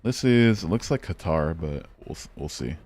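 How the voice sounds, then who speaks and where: A man's voice: low voice, animated, normal speed, darkish tone, faint music behind. A man from Michigan hosting a casual live stream, speaking bluntly and profanely and thinking aloud with many fillers. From Michigan, United States. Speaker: streamer and host. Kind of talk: casual live-stream chat while playing a geography game.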